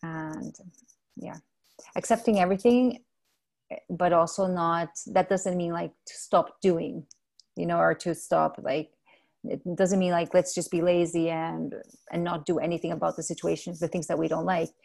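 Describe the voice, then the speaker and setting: A woman with a low, gravelly voice, a native Spanish speaker talking in English. She speaks gently and thoughtfully, often stopping to correct herself, in a relaxed interview over a video call. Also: normal speed. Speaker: guest, mindfulness mentor. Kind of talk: casual interview chat.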